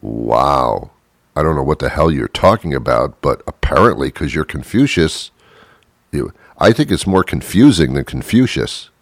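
A man's voice: very deep voice, animated, moderate pace, no room sound, studio quality. A man performing a sarcastic comedic monologue, ranting and chuckling at his own jokes.

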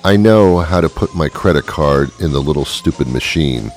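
Very deep-voiced grumbling man. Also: lively intonation, moderate pace, soft background music. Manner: sardonic, grumbling. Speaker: comedian. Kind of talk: comic monologue.

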